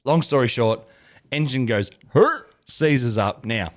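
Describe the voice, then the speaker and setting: A man's voice: mid-range voice, a little slow. A young Australian man co-hosting a podcast, telling a rowdy, rambling story full of swearing. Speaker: podcast co-host. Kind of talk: casual storytelling chat.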